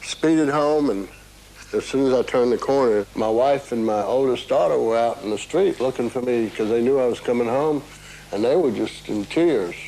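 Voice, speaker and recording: A man's voice: medium pitch, moderate pace, vocal fry, mellow, slight background noise, rough recording. A man in an interview recounting a personal memory in a vivid, casual way, with some restarts.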